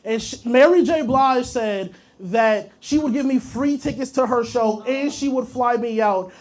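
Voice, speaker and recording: A man's voice: very high voice, a little slow. A young man performing a profane, rambling stand-up comedy set, telling stories straight to the crowd. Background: audience laughter.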